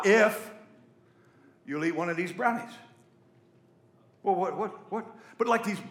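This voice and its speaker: A man's voice: high-pitched, reverberant. A middle-aged man preaching a sermon, telling stories with jokey asides. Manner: storytelling, animated, jokey asides. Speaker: pastor.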